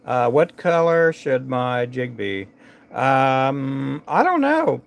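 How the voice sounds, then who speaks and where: A man's voice: medium pitch, sing-song, takes it slowly, vocal fry, background noise. A man hosting a casual live stream while tying fishing jigs, chatting loosely with viewers in a rambling way full of fillers and restarts.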